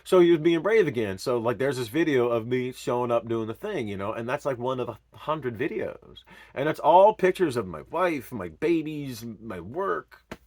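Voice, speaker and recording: A man telling his own story in an earnest, emotional way, swinging from loud pleading to hushed murmurs. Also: mid-range voice, expressive, moderate pace, dry recording. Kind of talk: personal storytelling monologue.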